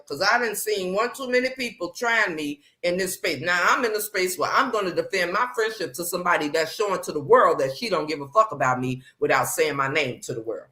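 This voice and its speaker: Sassy woman spilling tea on her stream, aave, repeats stuff for effect, pitch jumps all over. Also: fairly quick, few pauses, fairly bright tone. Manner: sassy, emphatic, swings pitch for emphasis. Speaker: commentary livestream host. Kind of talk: casual chat, drama commentary.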